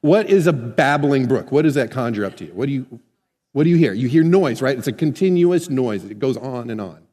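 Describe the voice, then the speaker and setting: In a recording full of long hall reverb, a pastor with a mid-range, slightly mellow voice delivers his sermon animatedly and fairly quickly. He keeps it conversational, regularly putting questions to the congregation.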